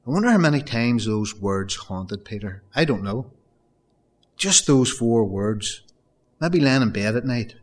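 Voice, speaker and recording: A man's voice: medium pitch, expressive, measured pace. A man preaching a sermon, earnest and building to emphatic raised peaks, often addressing his congregation as folks.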